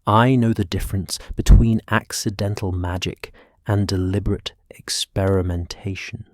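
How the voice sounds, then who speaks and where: A man's voice: low-pitched, steady tone, normal speed, a little mellow, no echo, studio quality, natural voice. A man voicing a stern older female Scottish professor with a clipped, cold, commanding manner and a Scottish accent.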